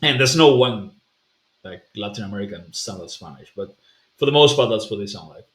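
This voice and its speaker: A man's voice: fairly low pitch, animated, brisk. A man giving a pronunciation lesson as a language coach, explaining patiently with fillers and repeating sounds to demonstrate them. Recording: roomy echo.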